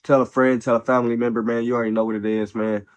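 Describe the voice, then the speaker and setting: A football commentary channel host, a bit under the weather, talks very fast at a medium pitch with hardly any rise or fall. His casual show is full of blunt opinions, slang, profanity, and frequent "bro" and "man."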